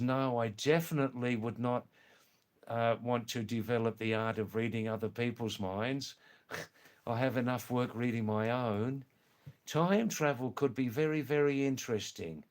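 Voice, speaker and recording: A man hosting a live stream, answering viewer comments slowly and thoughtfully, with many pauses and fillers. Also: medium pitch.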